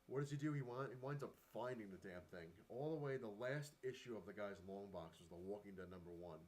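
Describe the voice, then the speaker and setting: A man with a lowish, slightly mellow voice talks briskly to camera in a casual vlog about collecting comic books. He rambles chattily, using lots of fillers and acting out quotes.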